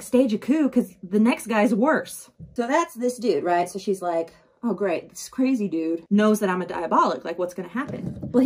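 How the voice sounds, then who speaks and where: Chatty woman summarizing a book. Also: mid-range voice. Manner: chatty, animated storytelling with many fillers. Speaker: book vlogger. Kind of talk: casual book summary while doing makeup.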